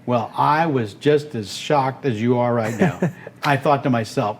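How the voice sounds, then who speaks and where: A man in his seventies from Texas, an animated storyteller and voice actor being interviewed on a podcast. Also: mid-range voice, measured pace, slight background noise. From Texas, United States. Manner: animated, breaks into character voices. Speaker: guest, voice actor and radio host.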